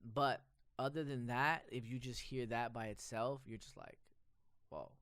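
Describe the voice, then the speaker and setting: A studio engineer talking casually on a podcast, animated and full of fillers like "dude" and "like". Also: male voice, mid-range voice, normal speed, clean tone, no echo. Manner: animated, filler-heavy, says "dude" and "like" a lot.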